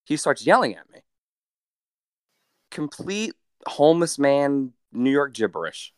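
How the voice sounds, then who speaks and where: Animated young man telling a wild story. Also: mid-range voice, unhurried, clear, resonant tone, no room sound, studio quality. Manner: animated, profane, deadpan asides. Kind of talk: casual story told to a friend.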